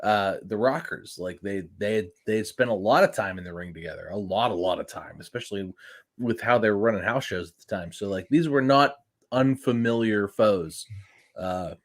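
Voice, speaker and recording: A man's voice: lowish voice, moderate pace. A man co-hosting a casual wrestling podcast, talking in a loose, rambling way and filling his sentences with "like". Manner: rambling, heavy use of "like", acts out quotes. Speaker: podcast co-host.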